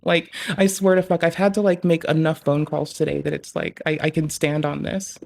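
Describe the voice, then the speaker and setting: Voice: mid-range voice, vocal fry. A live streamer in casual chat, rambling and swearing freely, interrupting themself with lots of fillers. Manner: rambling, profane, self-interrupting; quick, animated delivery with many fillers.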